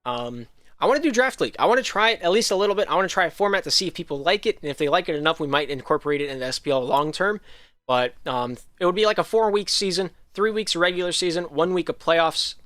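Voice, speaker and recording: Livestream host, male, slight Southern American drift, bright, dry close sound. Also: fairly high pitch, smooth, no room sound. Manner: rambling, frequent ums and restarts. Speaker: league host. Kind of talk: casual livestream talk.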